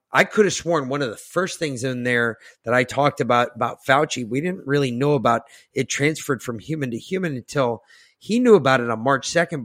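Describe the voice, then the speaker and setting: A male podcast host with a mid-range voice reads an article aloud and rants about it, boastful and profane, swinging between muttering and loud outbursts. The studio recording is clean, with no room sound.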